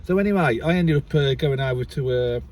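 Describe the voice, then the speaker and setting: A man's voice: medium pitch, fairly quick, darkish tone, recorded from a distance. A man telling a long story in casual chat, rambling and swearing freely, recorded inside a car. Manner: rambling, keeps restarting with "so anyway". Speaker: vlogger.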